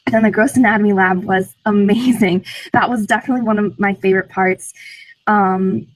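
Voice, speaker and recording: A woman's voice: medium pitch, steady tone, a little fast, no room sound, low-quality recording. A teenage girl eagerly recounting her experiences in an interview, using lots of "like" fillers. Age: teens. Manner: enthusiastic, frequent "like" fillers. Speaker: program alumna. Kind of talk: interview answers.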